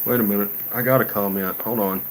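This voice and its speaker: A man who runs a gunsmith shop, chatting in a relaxed, folksy, rambling way on a casual livestream. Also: on the low side, fast, a little hiss or hum, poor audio.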